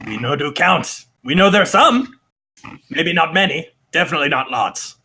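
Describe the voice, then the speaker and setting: A scheming little goblin , put on by a man running a tabletop game, chatters high and bright. He speaks in clipped, broken sentences. The tone is sharp and giggly. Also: animated, normal speed, slight background noise. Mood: evasive. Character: scheming male goblin underling, broken speech.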